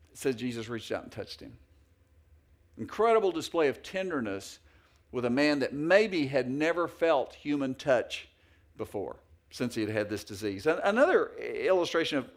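A man's voice: mid-range voice, lively intonation, moderate pace. A middle-aged male pastor preaching a sermon in a folksy, anecdotal way with many fillers and restarts.

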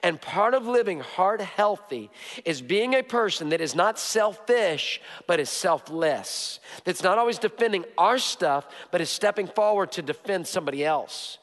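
A man's voice: a little high, a bit bright. A male pastor preaching a sermon in a church, emphatic, hammering points with repetition and joking asides. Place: church sanctuary. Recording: long hall reverb.

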